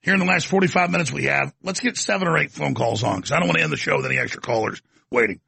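A man hosting a talk radio show, brash and hammering, repeating phrases for emphasis in a gravelly, raspy voice. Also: on the high side, very fast, bright, forceful tone, no echo. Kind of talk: fast call-in radio monologue.

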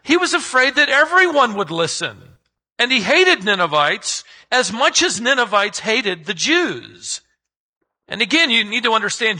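A man preaching with a high, lively voice that swings widely in pitch. His tone is very bright, with a husky edge. He speaks emphatically and keeps asking his listeners rhetorical questions. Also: low-quality recording. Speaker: pastor. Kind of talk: sermon.

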